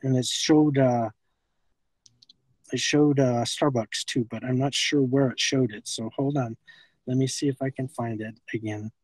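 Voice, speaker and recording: A middle-aged man talking in a halting, rambling way with nervous laughter. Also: medium pitch, fairly even intonation, dry recording, low-quality recording. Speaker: confronted man. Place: parked car outside a fast-food restaurant.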